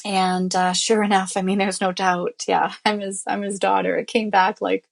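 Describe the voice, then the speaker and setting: A woman speaks as an interview guest, recounting a deeply personal story in a candid, earnest way. Her talk is loose and conversational, scattered with "you know" and "I mean." She sounds emotionally close to what she describes, as if reliving it while she speaks. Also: little pitch movement, normal speed, vocal fry. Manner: emotional, reliving events as she tells them.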